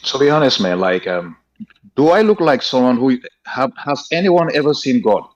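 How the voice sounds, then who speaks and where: A man's voice: mid-range voice, big pitch swings, normal speed, highs cut off. A man calling in to a heated live debate, speaking hesitantly with many fillers and repeatedly trying to break in. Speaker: caller.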